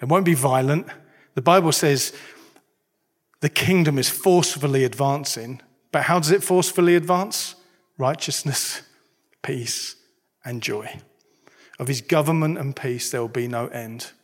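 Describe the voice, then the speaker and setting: A man's voice: mid-range voice, unhurried, pauses often. A middle-aged man preaching a sermon, conversational and self-deprecating, asking the listeners many questions. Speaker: pastor. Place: church hall. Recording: long hall reverb.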